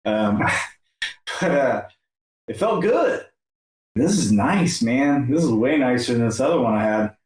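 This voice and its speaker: A male podcast host chatting casually and telling a story in a relaxed, filler-heavy way. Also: medium pitch, unhurried. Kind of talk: casual conversation. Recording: echoey room.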